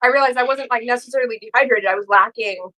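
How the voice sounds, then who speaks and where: A woman's voice: on the high side, fast talker, pushed and bright, low-quality recording. A woman co-hosting a podcast, talking casually and emphatically, repeating her points with plenty of "like". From United States. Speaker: podcast co-host. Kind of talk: casual chat.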